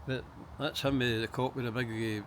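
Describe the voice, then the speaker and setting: An older Scottish man with a broad Glaswegian accent talks casually and at length, swearing freely and drifting from one story to the next. His voice sits at an ordinary middle pitch, and he is recorded indoors at home. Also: fairly even intonation, moderate pace, noisy background. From Scotland. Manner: rambling, profane, chatty with many asides. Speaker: interviewee.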